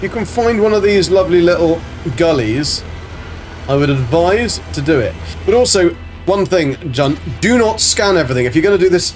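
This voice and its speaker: A chatty man streams a game live, talking loosely to his viewers and cursing now and then. His voice sits a little high for a man, and faint music runs underneath. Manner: chatty, swearing, greets chat viewers by name. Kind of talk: casual live-stream commentary.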